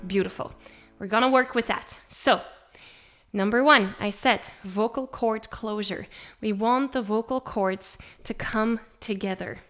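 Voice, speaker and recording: A woman with a fairly high, bright, forceful voice teaches a singing lesson in a friendly, encouraging way. She explains technique directly to the listener and laughs easily. Faint music sits quietly beneath her voice. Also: unhurried. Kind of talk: spoken vocal lesson with sung demonstrations.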